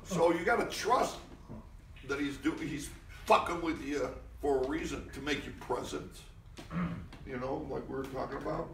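A man's voice: a little high, moderate pace, vocal fry, noisy background. A man, a guest actor, telling anecdotes at a live interview event. He talks loosely, with frequent restarts and swearing, and acts out the people he quotes. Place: live event in front of an audience. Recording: echoey room, mic at a distance.

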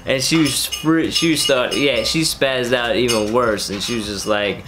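A man in his thirties telling a personal story in a rambling, casual way, full of fillers and relaxed slang. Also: mid-range voice, measured pace, over music. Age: 30s. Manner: rambling, filler-heavy, laid-back slang. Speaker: reptile keeper and vlogger.

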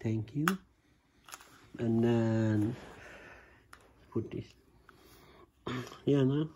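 A man talking to his small daughter at home in a home vlog, patient and gently coaxing, in simple broken English. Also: medium pitch, fairly even intonation, extremely slow, a little hiss or hum. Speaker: father filming his young daughter. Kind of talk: casual home vlog talk to a child.

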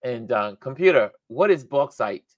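A man's voice: mid-range voice, lively intonation, normal speed, no echo. Chatty male livestream host, dry sound. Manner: rambling, thinks aloud, laughs often. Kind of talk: casual livestream chat.

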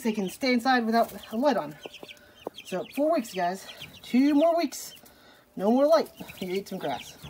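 A woman in a casual home vlog who rambles along in an easy, chatty way and keeps dropping in "like". Her pitch sits in a plain middle range. A faint noise hangs behind her voice. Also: a little mellow. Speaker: daily vlogger. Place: home indoors, rainy day.

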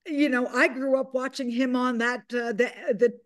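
An older woman with a slightly high voice recalls her film work in an unhurried, reflective way. She wanders through her answers, pausing on fillers and restarting sentences as she gathers her thoughts. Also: steady tone. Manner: meandering, with many fillers and restarts. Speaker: film director, guest.

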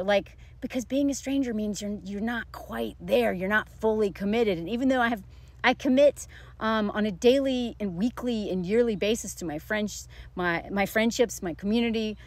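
A woman's voice: on the high side, no echo. A woman in her thirties telling a personal story in a rambling, emotional storytime vlog, full of restarts and fillers. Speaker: vlogger. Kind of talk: casual storytime monologue.

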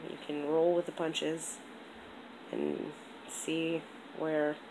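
A young woman chatting on a home vlog, rambling and animated, with a congested throat. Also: sits low, extremely slow, noisy background. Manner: rambling, animated storytelling with lots of "like". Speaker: vlogger. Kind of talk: casual vlog chat.

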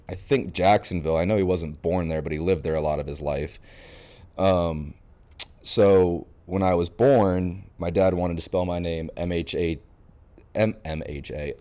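A man's voice: sits low, clear, resonant tone. A young man from Florida, a podcast guest, telling stories in a casual interview and acting out the lines he quotes. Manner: animated storyteller, acts out quoted lines. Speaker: podcast guest, baseball catcher.

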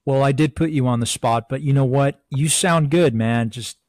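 A man's voice: mid-range voice, moderate pace, a little mellow, no room sound, clean studio sound. A man hosting a podcast interview, enthusiastic and chummy, calling his guest "man" and "dude". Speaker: podcast host. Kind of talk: casual interview chat.

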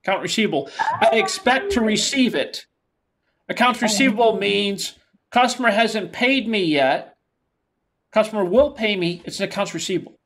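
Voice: medium pitch, expressive, normal speed, a bit bright. A lecturer with a New York accent giving a classroom lecture, repeating key terms in a plain, explanatory way.

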